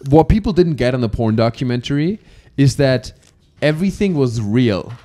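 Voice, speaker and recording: A man's voice: medium pitch, normal speed. A man in his twenties from Germany with a German accent, hosting a casual podcast chat and telling stories with laughs. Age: 20s. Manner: animated, laughing storyteller. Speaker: podcast host.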